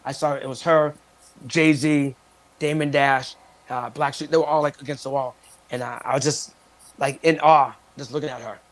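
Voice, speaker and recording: A man from Cape Cod, a guest chatting casually in an interview, telling animated stories and laughing often. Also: medium pitch, normal speed. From Cape Cod, Massachusetts.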